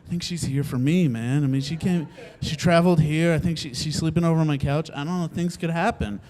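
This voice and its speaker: A man's voice: fairly high pitch, brisk. A young man telling a funny personal story on stage, laughing often and acting out the voices of the people in it. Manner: animated, laughs often, acts out quotes. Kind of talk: live comedic storytelling.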